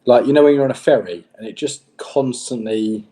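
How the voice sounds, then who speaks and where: A man playing a tabletop game who cuts in loudly, stumbling and repeating words. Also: medium pitch, brisk. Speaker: player.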